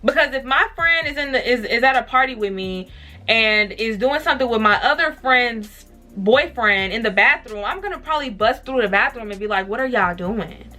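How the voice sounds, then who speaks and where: A woman telling a casual storytime to her viewers, blunt, profane and animated. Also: a little high, normal speed, faint music behind. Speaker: vlogger.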